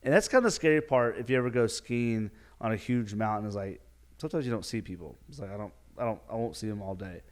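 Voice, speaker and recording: A man's voice: lowish voice, lively intonation, fast talker. A man, a youth minister hosting a podcast, tells a story casually and animatedly, with frequent chuckles and fillers.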